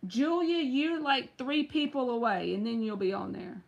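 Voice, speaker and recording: A woman's voice: high voice, normal speed, gravelly, dull audio. A woman running a casual live-stream tarot reading, chatty and teasing as she talks to viewers by name.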